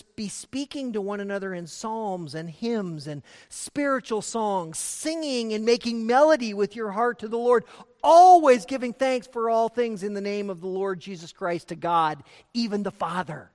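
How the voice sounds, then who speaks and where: Preacher in an echoing hall. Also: male voice, sits high, moderate pace. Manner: emphatic preaching, swings between soft asides and loud exhortation. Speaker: pastor. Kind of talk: sermon.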